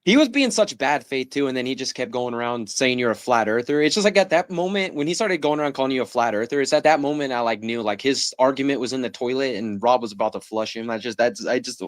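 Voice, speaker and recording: Male caller, mid-pitched, blunt and heated, dry recording. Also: expressive, fast talker, few pauses, no room sound. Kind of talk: casual phone-in chat.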